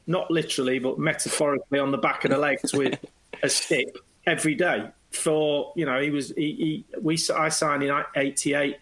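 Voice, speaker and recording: Middle-aged guy telling old football stories, lively, slips into voices, bit high voice. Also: normal speed, rough recording. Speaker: guest, former footballer. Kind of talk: anecdotal storytelling.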